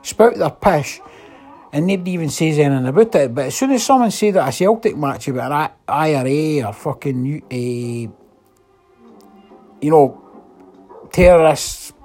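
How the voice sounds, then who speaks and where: A man's voice: on the high side, a little mellow. A Scottish man ranting angrily about football fans, swearing heavily in a furious monologue to camera. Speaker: football fan.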